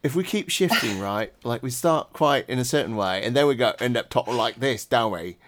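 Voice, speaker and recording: A man's voice: mid-range voice, expressive, a little fast, a bit bright. Wry young man who laughs a lot. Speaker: podcast co-host. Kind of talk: casual chat.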